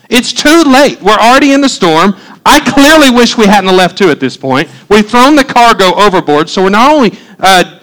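A male pastor with a notably high voice for a man delivers a conversational sermon. He jokes with the congregation and acts out the voices in his stories. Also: a bit bright, low-quality recording. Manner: humorous, conversational preaching, acting out quotes.

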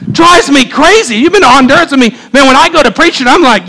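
Very high-voiced, fast-talking preacher man. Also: rough recording. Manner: fast, excitable preaching with many restarts. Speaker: pastor. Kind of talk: sermon.

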